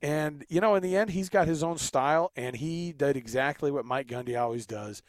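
A man co-hosting a casual sports talk show, animated and jokey, on a close studio mic. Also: fairly high pitch, normal speed, no echo. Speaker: sports radio co-host.

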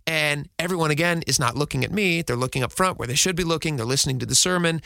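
A married man hosting a radio show, telling a self-mocking story in a casual, animated way and laughing now and then. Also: on the high side, fast talker, vocal fry, no room sound. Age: adult, married.

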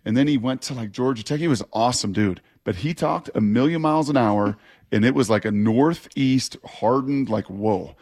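A man in his forties, a former player, co-hosting sports talk radio and telling long, animated stories. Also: mid-range voice, normal speed. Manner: animated, rambling storyteller.

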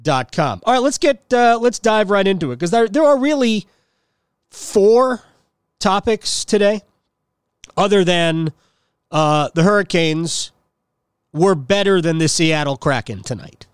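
A man hosting a sports talk podcast, delivering an opinionated monologue in a blunt, combative way. His voice sits fairly high and sounds smooth and resonant. The recording is dry and close, with no room sound. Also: animated, unhurried, pauses often, dry recording. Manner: blunt and combative, with sarcastic jabs at listeners. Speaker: podcast host.

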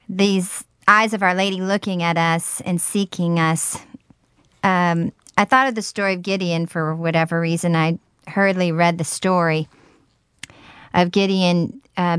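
A woman reflecting thoughtfully on a religious message, pausing with small hesitations. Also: fairly low pitch, a bit bright, clean tone, no room sound, clean studio sound. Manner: thoughtful, with frequent hesitation fillers. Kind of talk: reflective spoken commentary.

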